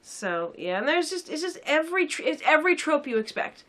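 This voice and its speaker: A woman's voice: high-pitched, sing-song, brisk, a bit bright. A young woman casually reviewing a film in a sarcastic, rambling way with many fillers.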